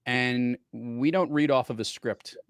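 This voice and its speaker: A man's voice: medium pitch, fairly even intonation, unhurried, clean tone, no echo. A middle-aged man hosting a podcast, chatting casually and telling stories. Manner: chatty, storytelling. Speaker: podcast host. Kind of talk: casual chat.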